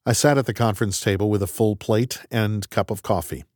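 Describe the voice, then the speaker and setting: A man's voice: lowish voice, fairly even intonation, fairly quick, hardly any pauses, a little mellow, no room sound, studio quality. A man narrating an audiobook in the first person with a wry, conversational manner.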